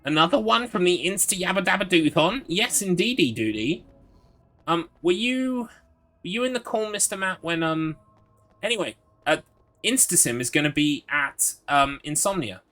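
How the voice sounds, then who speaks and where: A man's voice: sits high, expressive, normal speed, sharp tone. A man streaming a game live, chatting in an upbeat way, reading chat aloud and laughing often.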